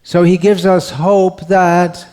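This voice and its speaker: A man giving a scriptural lecture in an unhurried, rambling way, with frequent restarts and fillers. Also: sits high, little pitch movement, dark tone. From India. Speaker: monk lecturer.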